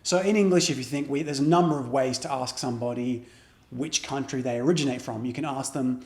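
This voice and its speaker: A man teaching a beginner Chinese lesson, patiently explaining and modeling phrases slowly. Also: mid-range voice, a little mellow. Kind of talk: spoken language lesson. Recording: echoey room.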